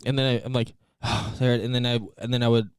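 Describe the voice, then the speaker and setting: A man's voice: mid-range voice, level tone, quick pace, smooth, dry recording, clean studio sound. A man co-hosting a casual live-stream chat, telling a story with lots of fillers, restarts and laughs. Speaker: co-host. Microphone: desk mic, headphones.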